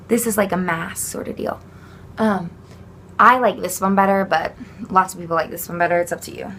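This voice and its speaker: A young woman walks through sign vocabulary in a relaxed, slow way, full of ums and little laughs. Her voice has a gravelly, fry-heavy edge. Faint background hiss is heard, as from a home camera mic. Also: mid-range voice. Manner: chatty, slow, with frequent fillers and small laughs. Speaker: sign language vocabulary teacher. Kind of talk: casual vocabulary walkthrough.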